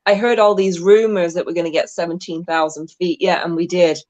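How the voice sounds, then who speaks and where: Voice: medium pitch, flat delivery, fairly quick, a little mellow, lo-fi sound. A person joining a casual chat, talking in a conversational, slightly hesitant way.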